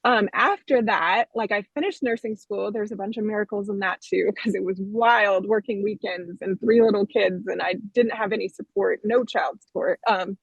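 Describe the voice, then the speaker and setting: A woman's voice: mid-range voice, moderate pace, creaky, few pauses, husky, dry recording. A woman guest on a podcast, telling her life story in an earnest, candid way. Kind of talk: personal testimony in an interview. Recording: dull, dry lo-fi sound.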